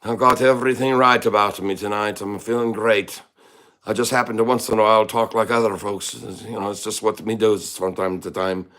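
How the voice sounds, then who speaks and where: A man's voice: on the low side, fairly even intonation, fairly quick, fairly bright tone, natural voice. A man voicing a boastful, joking Irish leprechaun in a put-on Irish accent, teasing his live-stream viewers with mock-tough banter. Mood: cheeky.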